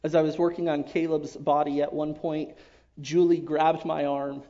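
A man giving an emotional personal testimony to his church, earnest and halting, often dropping to a hush. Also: on the high side, flat delivery. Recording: dull lo-fi recording.

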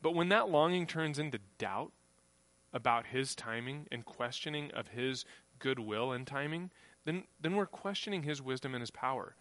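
A man's voice: medium pitch, expressive, moderate pace, fairly bright tone. A man preaching a sermon in a conversational way, acting out the voices of people he quotes. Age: adult, grew up on a farm family. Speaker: pastor.

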